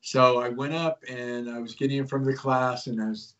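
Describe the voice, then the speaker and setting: A man's voice: medium pitch, fairly even intonation, brisk, a bit bright. Guest man, casual storyteller, filler-heavy and conspiratorial, mid voice, lo-fi remote sound. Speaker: guest, host of his own show.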